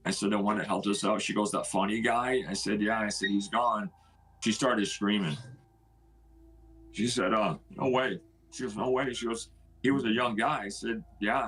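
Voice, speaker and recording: A man, the owner of the house, telling an emotional personal story in a halting way and acting out what people said to him. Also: fairly low pitch, a bit bright, poor audio. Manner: emotional, halting, acts out quoted dialogue.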